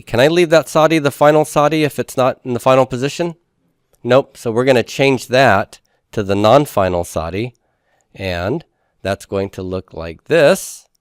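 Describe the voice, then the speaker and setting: A man's voice: mid-range voice, smooth, no echo, studio quality. A man teaching a lecture, explaining step by step and asking and answering his own questions. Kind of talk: classroom lecture.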